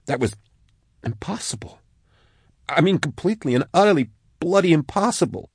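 A man voicing a frightened, sharp-tongued young woman soldier who swears and snaps sarcastically. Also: lowish voice, expressive, normal speed, slightly rough, no echo, studio quality, voice pushed up. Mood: shaken.

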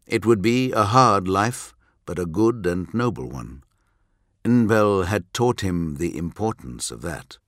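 A man narrating an audiobook in a measured, dramatic manner. His voice is low and his delivery very unhurried. The recording is dry and close to the mic. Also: lively intonation, fairly bright tone, no echo.

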